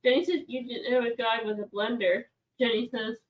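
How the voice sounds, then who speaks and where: A woman's voice: a little high, steady tone, fairly quick, highs cut off. A woman off camera who joins the conversation with short prompts and questions. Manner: brief prompting interjections and questions. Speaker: off-camera companion. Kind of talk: casual chat.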